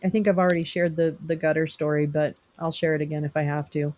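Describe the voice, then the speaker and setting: A woman's voice: low voice, fairly even intonation, quick pace, darkish tone, a little hiss or hum. A middle-aged woman from California, hosting a live stream and chatting casually with viewers, rambling and teasing them by name.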